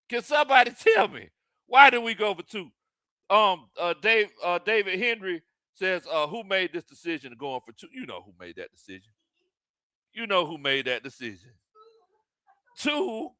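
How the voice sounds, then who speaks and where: A man hosting live watch-party commentary, excitable and often shouting and laughing. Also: high-pitched, no room sound, clean studio sound. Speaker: sports livestream host.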